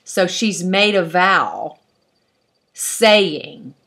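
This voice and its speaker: A Hebrew instructor teaches an online class, explaining step by step with patience and thinking aloud as she goes. Her voice is lowish, expressive and fairly bright in tone, and she speaks very slowly.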